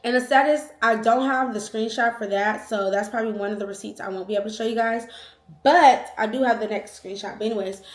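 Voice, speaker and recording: A young woman vlogger telling a personal story in a casual, slangy, animated way, acting out the quotes. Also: a little high, brisk. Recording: echoey room.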